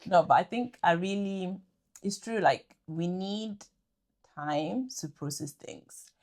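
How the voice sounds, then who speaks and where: A young woman in her twenties hosts a casual faith-centred conversation. Her voice sits a little low, and she speaks in a reflective, encouraging way, often affirming her guest. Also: takes it slowly, a little mellow. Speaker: podcast host.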